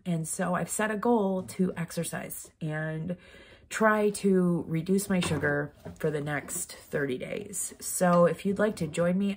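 Over slight background noise, a mother with a fairly low, gravelly, darkish voice speaks in a candid personal vlog. She's rambling and heartfelt, leaning heavily on "like," and sounds close to crying.

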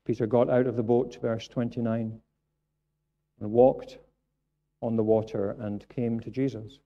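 A Scottish man preaching a sermon in a church, moving between quiet reflective passages and raised, emphatic ones. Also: mid-range voice, little pitch movement, a little slow. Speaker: pastor. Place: church sanctuary. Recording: dull lo-fi sound.

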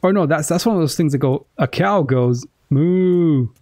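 A gaming streamer reacting excitably and with profanity while playing through a game. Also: mid-range voice, a little fast, no room sound, clean studio sound. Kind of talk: let's play commentary.

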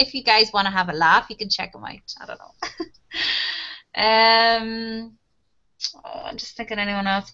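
A woman's voice: on the high side, sharp tone, highs cut off. A woman teaching an online English class, chatting casually and laughing as she talks about TV shows. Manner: chatty, laughs often, addresses students as guys.

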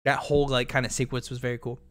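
A man co-hosting a casual gaming podcast, talking in an animated way, swearing casually and laughing as he acts out scenes. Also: mid-range voice, fast talker. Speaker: podcast co-host.

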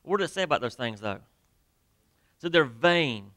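Bright, clear-voiced preaching pastor. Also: male voice, fairly high pitch, lively intonation, dry recording. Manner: emphatic preaching, pauses and drops to near quiet; addresses the congregation directly with questions. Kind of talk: sermon. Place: church sanctuary.

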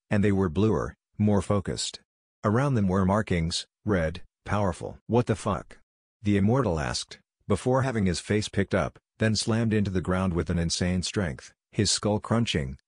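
A man narrating a fan-fiction story in a steady, descriptive read. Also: deep voice, husky, dry recording, studio quality.

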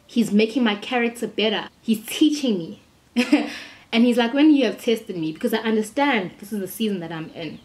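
A woman's voice: a little high, normal speed. Upbeat young woman giving a devotional vlog. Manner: lively, exclamatory, preachy and upbeat. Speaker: Christian vlogger. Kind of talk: casual devotional encouragement.

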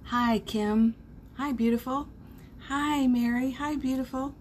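A woman's voice: high-pitched, steady tone, slow, darkish tone, a little hiss or hum. A middle-aged woman hosting a casual morning live stream, greeting viewers by name in a gushing, upbeat way.

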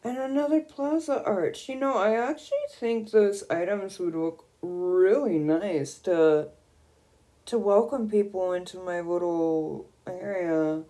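A young woman streaming a video game, gushing and excitable as she squeals over new items. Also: lowish voice, slow pace. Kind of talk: casual gameplay commentary.

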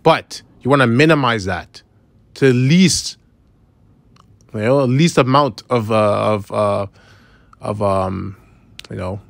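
Bible teacher, male, lowish voice, casual explaining with constant "right?", dry close recording. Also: vocal fry, dry recording. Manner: reads verses slowly, then explains with repeated "right?". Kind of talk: informal scripture lesson.

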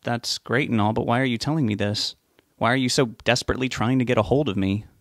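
A man reading a novel aloud, voicing a young man who speaks in a flat, detached way. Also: medium pitch, fast, no room sound, studio quality, natural voice. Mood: numb. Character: emotionally numb young man.

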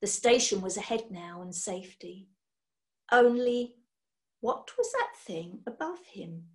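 A woman reading a children's book aloud, expressive, swinging between loud and hushed. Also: mid-range voice, a little slow. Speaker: storyteller.

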